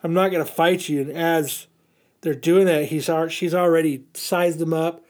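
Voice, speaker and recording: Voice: mid-range voice, fairly even intonation, moderate pace, a little mellow. A co-host on a casual podcast, summing up a comic scene in a loose, joking way. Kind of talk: casual chat.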